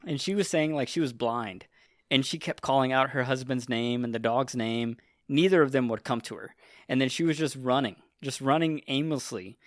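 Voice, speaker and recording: A man's voice: mid-range voice, normal speed, no echo. Rambling, profane man on a dry mic. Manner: rambling, profane, heavy use of "like". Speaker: podcast host. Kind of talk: casual chat.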